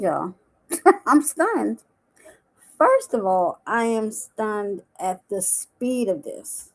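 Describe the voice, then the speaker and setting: A woman, talking live to her viewers as a wellness coach, emotional and tearful, with halting restarts. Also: mid-range voice, sing-song, a little mellow. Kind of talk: live-stream vlog.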